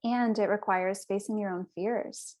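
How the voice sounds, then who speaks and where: Young woman, podcast guest, earnest, chatty storytelling, middle pitch. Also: fairly even intonation, unhurried, darkish tone. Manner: earnest, chatty, with small restarts. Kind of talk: personal storytelling in an interview.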